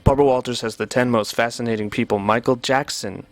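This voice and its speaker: A man dubbing a morning-show host, copying the banter line by line in a deadpan delivery. His voice sits at a medium pitch. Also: fast talker, no echo. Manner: deadpan, mimicking inane chatter. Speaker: dubbing performer. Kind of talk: dubbing talk-show chatter word for word.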